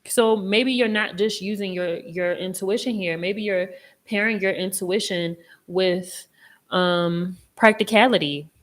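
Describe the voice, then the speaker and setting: A young woman hosting a casual live tarot reading, chatty and expressive, with a reassuring tone and casual swearing. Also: mid-range voice, a little slow. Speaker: tarot reader and live stream host.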